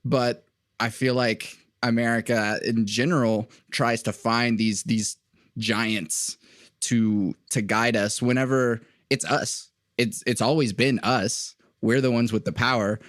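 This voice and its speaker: A man's voice: medium pitch, fairly even intonation, fairly bright tone, dry recording, clean studio sound. A man who is a guest on a podcast, speaking reflectively in casual conversation, often restarting his sentences. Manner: reflective, halting with many restarts.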